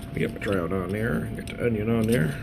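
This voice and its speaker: Folksy man, low gravelly voice. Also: expressive, quick pace, very noisy. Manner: folksy and rambling, laughs often. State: losing his voice. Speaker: beer vlogger. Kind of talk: casual video review. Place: outdoors at a trout farm restaurant.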